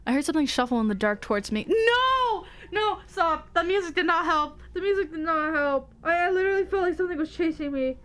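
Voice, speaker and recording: A woman streamer reading a horror story aloud, hushing for the narration and breaking into frightened shrieks, swearing and nervous laughter. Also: high voice, fast, hardly any pauses. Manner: animated and dramatic.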